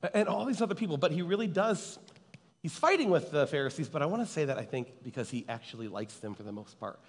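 A man gives a casual, conversational sermon, teasing his listeners and checking in with them constantly. His voice sits a little high and swings widely in pitch. The sound trails off into the long reverb of a large hall. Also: lively intonation, fast. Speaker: preacher.

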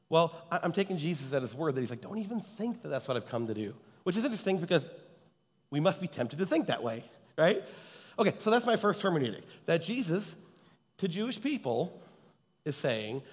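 A man's voice: fairly high pitch, big pitch swings, normal speed, slightly rough. A man preaching a conversational sermon to a live audience, chatty and teasing, always checking in with his listeners. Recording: long hall reverb.

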